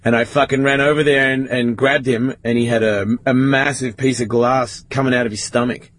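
A man's voice: mid-range voice, fairly quick, no echo. A man, casually telling a story on a podcast and swearing often. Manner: swearing often, animated retelling.

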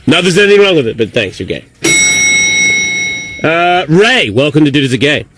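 A man's voice: on the high side, sing-song, moderate pace, heavy background noise. A man hosting a call-in radio show, bantering brashly and mocking the callers.

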